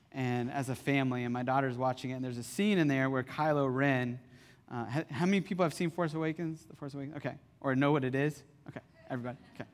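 A man in his thirties preaching a sermon as pastor, conversational and animated in his storytelling. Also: mid-range voice. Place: church hall. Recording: reverberant church hall.

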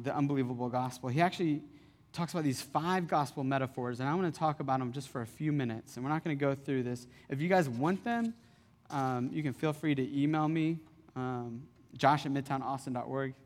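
Man preaching a casual sermon in a reverberant hall. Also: a little high. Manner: conversational, animated storytelling. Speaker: pastor. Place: church hall.

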